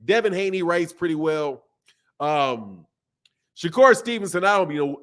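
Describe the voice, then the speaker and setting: A fairly high-voiced man hosting a casual boxing livestream. He talks loosely in slang and jumps between points with lots of restarts. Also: a bit bright. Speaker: boxing channel host. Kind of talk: casual livestream chat reading super chats.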